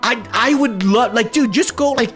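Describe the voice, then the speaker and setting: A man co-hosting a comedy podcast, chatting casually and reading news with excitable, swearing, goofy asides. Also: very high-pitched, moderate pace, faint music behind. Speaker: podcast co-host.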